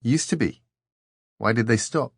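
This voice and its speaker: A man voicing a kindly young man who asks gentle, curious questions. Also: mid-range voice, unhurried, vocal fry, husky, no echo, studio quality.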